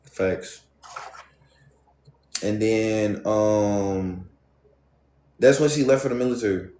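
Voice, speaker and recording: A man's voice: lowish voice, steady tone, slow, mellow. Young man telling a story in slang, roomy sound. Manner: loose, profane, street slang, speaks straight to viewers. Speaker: streamer. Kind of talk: casual storytime to a live chat. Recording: roomy echo.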